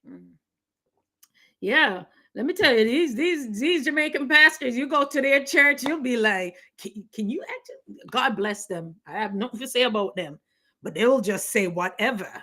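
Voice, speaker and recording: A middle-aged woman from the Caribbean chatting casually on a live stream, laughing often and talking with lively energy. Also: a little high, normal speed. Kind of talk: casual chat.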